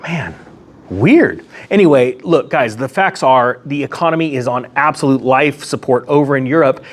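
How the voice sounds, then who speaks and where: A man's voice: medium pitch, normal speed. A man hosting his own economics commentary vlog, talking casually and sarcastically from a room near a window. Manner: sarcastic, animated, laughs at own jokes. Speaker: host of an economics commentary channel.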